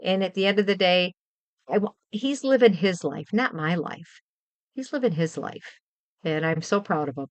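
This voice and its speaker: A woman's voice: fairly low pitch, animated, normal speed, dry recording. A middle-aged woman from Western New York, chatting casually and heartfeltly with her stream viewers, rambling and repeating herself. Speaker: livestream host.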